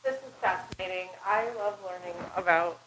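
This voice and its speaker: A woman hosting an event, thanking the speaker with a warm thanking tone. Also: on the low side, normal speed. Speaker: event host. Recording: echoey room with crowd noise, far from mic.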